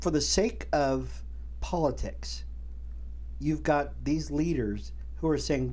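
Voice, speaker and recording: A man co-hosting a faith and culture show speaks in a slightly high voice. He chats casually, acting out other people's words and often restarting his sentences. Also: slow. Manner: animated, acts out quotes, many restarts. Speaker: co-host. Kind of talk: casual chat about faith and current events.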